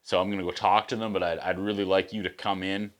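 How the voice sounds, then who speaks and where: A man voicing a calm, scheming male drug dealer in a low, laid-back, persuasive tone while retelling a movie. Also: fast talker, lightly acted.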